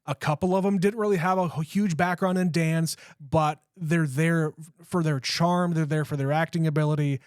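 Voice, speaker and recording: A man co-hosting a podcast, giving blunt, relaxed opinions about a film and swearing casually. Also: fairly high pitch, normal speed, hardly any pauses, clear, resonant tone, dry recording, clean studio sound. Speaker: podcast co-host. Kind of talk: casual movie chat.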